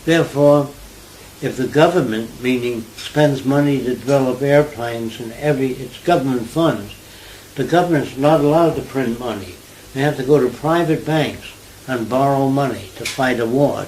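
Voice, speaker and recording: A man's voice: mid-range voice, moderate pace, slight background noise, rough recording. Older man. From New York. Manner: animated storyteller, asks listener if they follow. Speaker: interviewee. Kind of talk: conversational interview.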